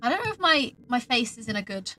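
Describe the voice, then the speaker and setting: A woman's voice: a little high, sing-song, fast, bright, forceful tone, slight background noise. A woman streaming a video game, chatting casually, swearing and laughing at herself. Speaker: VTuber streamer. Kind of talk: casual gameplay commentary. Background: game music.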